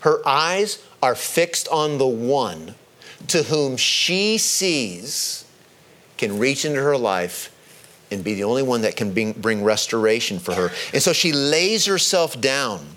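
A man preaching a sermon, stressing key words and slowing down to drive his points home. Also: sing-song, a bit bright. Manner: emphatic, rises in pitch on key words, slows to stress points.

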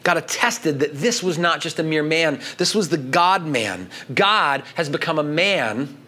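A middle-aged man preaching a sermon, building to emphatic peaks and then dropping low and quiet. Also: lively intonation, measured pace. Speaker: pastor.

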